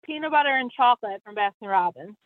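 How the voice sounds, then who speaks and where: A woman's voice: mid-range voice, lively intonation, fast, narrow, tinny audio. A woman contestant on a podcast dating game answering casually, with some hesitation.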